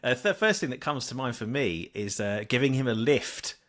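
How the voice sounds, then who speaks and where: A man's voice: mid-range voice, big pitch swings, moderate pace, fairly bright tone. A man guesting on a podcast, telling an anecdote animatedly with fillers and laughs. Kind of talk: casual chat, storytelling.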